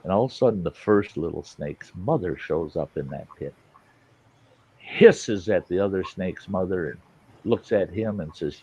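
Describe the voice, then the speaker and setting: A man's voice: sits low, animated, moderate pace, mellow, husky. A man hosting a late-night livestream, chatting casually and swearing while he tells a long joke with put-on voices. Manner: profane, storytelling with put-on voices. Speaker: livestream host. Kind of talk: casual chat and joke telling. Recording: lo-fi muffled stream audio.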